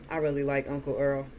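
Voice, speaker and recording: A woman slowly retelling a movie's plot in a chatty way, acting out the characters' lines. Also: a bass voice, darkish tone, a little hiss or hum. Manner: slow, chatty retelling with quoted dialogue. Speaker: movie reviewer. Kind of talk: casual movie recap.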